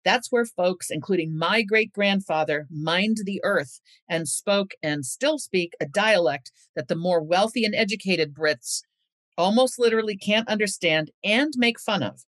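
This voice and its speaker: A middle-aged woman author speaks earnestly and with animation, her voice at an ordinary pitch for a woman. The sound is dry and close, with no room around it. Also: a little slow, no echo. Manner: earnest and animated, reads with a storyteller's cadence. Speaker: author and guest. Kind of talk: conversational interview, reading a passage aloud.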